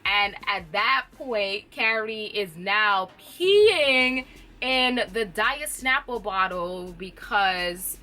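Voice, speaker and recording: A woman's voice: mid-range voice, animated, very slow, sharp tone. A woman reviewer casually recapping a TV episode, chatty and often laughing. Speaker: TV show reviewer.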